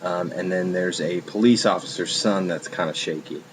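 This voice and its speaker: A man talks through a film review in a loose, rambling way, full of ums and restarts. His voice sits very low. A faint air-conditioning hum runs underneath. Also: normal speed. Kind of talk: casual spoken film review.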